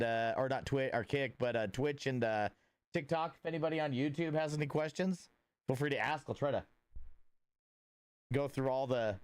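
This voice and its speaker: A laid-back man chats with his livestream viewers in a smooth, resonant voice. The sound is dry and close, with no room echo. He meanders through thoughts with plenty of filler words and restarts. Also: medium pitch. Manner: laid-back and friendly, greeting viewers by name. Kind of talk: casual livestream chat with viewers.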